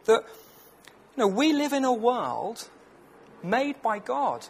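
A British man in his thirties gives a lunchtime Bible talk, earnest and conversational, weaving in personal stories. His voice is very high, gravelly and husky, with big pitch swings and a slow pace.

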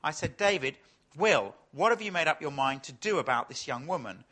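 Male preacher, animated and bright, tells stories, asks the crowd questions. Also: a little high, normal speed. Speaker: Anglican clergyman. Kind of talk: sermon.

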